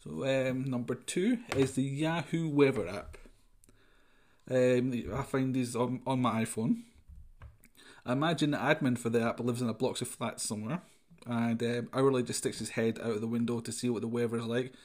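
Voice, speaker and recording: A man's voice: mid-range voice, normal speed, darkish tone. A man hosting a podcast, ranting sarcastically in a rambling comic monologue full of fillers. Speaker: podcast host.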